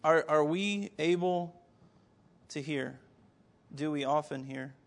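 A man delivers a sermon in a voice pitched higher than most men's. He keeps turning to his listeners with pointed rhetorical questions and sometimes stumbles and restarts his words. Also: slow pace, gravelly. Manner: animated, rhetorical questions to the congregation; occasional stammered restarts. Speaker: preacher.

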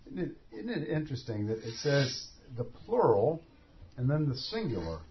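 Animated male preacher, lively pitch. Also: normal speed. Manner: animated storyteller acting out scenes. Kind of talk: sermon. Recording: dull lo-fi recording.

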